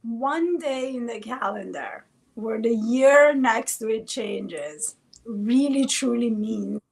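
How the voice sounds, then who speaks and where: Breathy, higher-voiced woman co-host, playful. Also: expressive, slow pace, poor audio. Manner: playful, teasing, laughs often. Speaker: podcast co-host. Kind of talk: casual chat.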